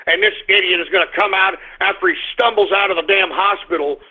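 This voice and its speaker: A man's voice: high voice, steady tone, quick pace. A man hosting a radio show, ranting angrily and profanely between blunt market reports. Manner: angry, profane ranting with abrupt swings into shouting. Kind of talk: ranting talk radio monologue. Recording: narrow phone-line sound.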